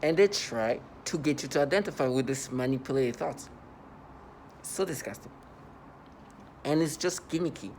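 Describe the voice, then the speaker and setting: A man talking straight to his viewers in a loose, rambling monologue, his voice pitched squarely in the middle range. He circles back on his points with plenty of ums and restarts, earnest and worked up, while a faint hum of noise sits behind him. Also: animated, moderate pace, pauses often, darkish tone. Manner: rambling and repetitive, with many fillers and restarts; earnest and agitated. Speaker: vlogger. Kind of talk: unscripted monologue to camera.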